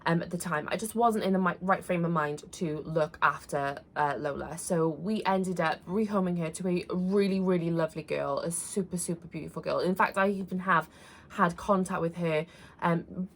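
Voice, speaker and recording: A woman's voice: lowish voice, moderate pace. A woman, telling a personal story to camera in an earnest, conversational way with many fillers. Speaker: vlogger.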